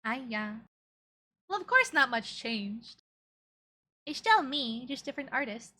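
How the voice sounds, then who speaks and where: A woman's voice: high voice, sing-song, a little slow, bright, forceful tone. A young woman streamer chatting casually as she reacts to old clips, giggling often and using playful baby talk.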